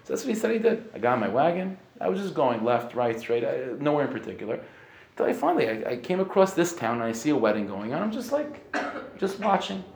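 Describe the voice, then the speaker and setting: A man telling a story in a casual, animated way, acting out the people in it with many restarts. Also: mid-range voice, fast talker, vocal fry, roomy sound. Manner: animated, acts out quoted voices, frequent restarts.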